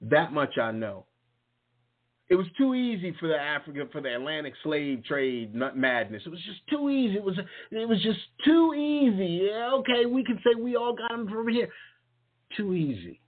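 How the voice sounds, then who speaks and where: A man's voice: high voice, big pitch swings, normal speed. A male talk show host giving a fiery, mocking monologue and repeating phrases for emphasis. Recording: tinny phone-like sound.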